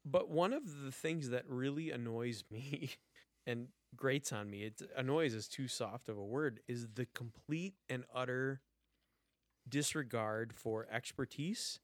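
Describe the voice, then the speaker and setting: A man's voice: mid-range voice, a little slow, no echo. A man co-hosting a podcast, ranting in a casual, exasperated way with plenty of swearing. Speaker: podcast co-host. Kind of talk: casual chat.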